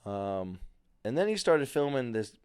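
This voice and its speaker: A man's voice: medium pitch, sing-song, a little slow, darkish tone, clear, resonant tone, no room sound, studio quality. A young man hosting a casual solo podcast, ranting sarcastically and swearing freely. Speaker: podcast host.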